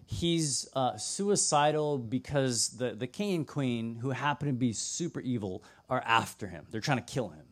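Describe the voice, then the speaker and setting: Young male pastor, mid-pitch, casual sermon delivery, acts out voices, swings from loud to hushed. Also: moderate pace, few pauses. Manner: animated storytelling, acts out voices, drops to a hush.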